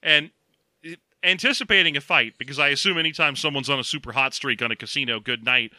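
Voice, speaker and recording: Bright-voiced jokey male podcast host. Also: mid-range voice, fast talker, no room sound. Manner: jokey, playful asides. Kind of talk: casual comedic book recap.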